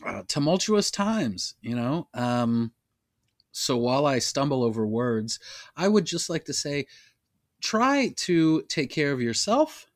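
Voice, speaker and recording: A man co-hosts a comedy podcast, rambling and poking fun at himself. His voice sits at an ordinary middle pitch. It is recorded close and dry, with no room sound. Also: big pitch swings, slow pace, no echo. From United States. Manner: joking, self-mocking, rambling. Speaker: podcast co-host. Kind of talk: casual comedic podcast chat.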